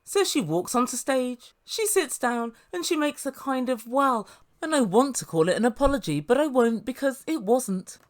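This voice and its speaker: A woman's voice: a little high, darkish tone. A woman giving sarcastic commentary on a reality TV show as a reviewer. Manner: sarcastic, mimics the people she quotes.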